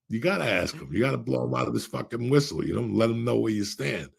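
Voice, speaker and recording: Older guy, super gravelly raspy voice, cussing his way through long podcast stories. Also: medium pitch. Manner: profane, rambling storyteller with bursts of laughter. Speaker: podcast co-host. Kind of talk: casual storytelling chat.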